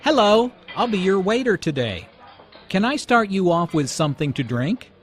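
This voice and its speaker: A man playing a polite restaurant waiter in a slow scripted language-learning dialogue. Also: sits high, animated, faint music behind, voice pushed up. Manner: slow, polite textbook delivery.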